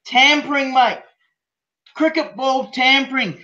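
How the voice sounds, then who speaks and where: A man's voice: very high-pitched, unhurried, bright, forceful tone, dull audio. An Australian man on a call, rambling in crude casual banter, profane and rowdy, forever saying mate. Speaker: call-in guest.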